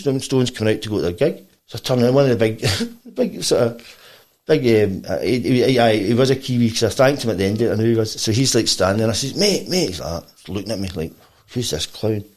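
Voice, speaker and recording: A Scottish man, a bassist guesting on a podcast, tells a long, animated story full of quoted voices and laughter. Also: fast talker. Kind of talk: casual storytelling.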